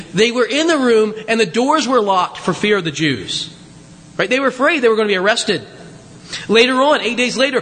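A man's voice: very high-pitched, bright, forceful tone. A man preaching a sermon in a conversational way, full of rhetorical questions and asides to the congregation. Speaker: pastor. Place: church sanctuary. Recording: long reverb of a large hall.

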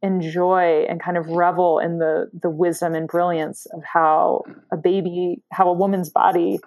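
A woman's voice: lowish voice, flat delivery, normal speed, darkish tone. A woman psychotherapist, a podcast guest, thoughtfully answering an interview question and searching for her words.

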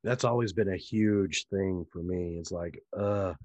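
A podcast co-host with a low male voice and a dry, close sound. He trades wry, opinionated fan takes on a TV show in a relaxed, casual chat. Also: unhurried, no echo.

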